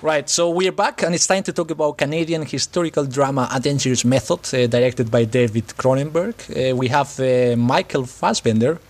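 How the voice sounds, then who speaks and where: A man hosting a casual film podcast who pauses often with fillers. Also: medium pitch. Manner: hesitant, lots of uh fillers. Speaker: podcast host.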